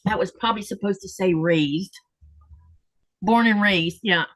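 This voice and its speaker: A woman's voice: mid-range voice, measured pace. A woman hosting a sewing live stream, chatting casually and telling stories while reading viewer comments. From Florida. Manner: chatty storyteller, reads viewer comments aloud.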